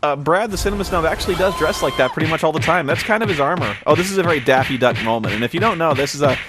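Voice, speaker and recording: A man's voice: on the high side, expressive, very fast, music in the background. A man giving a casual, rambling film commentary, full of restarts and fillers, often laughing. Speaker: commentary host.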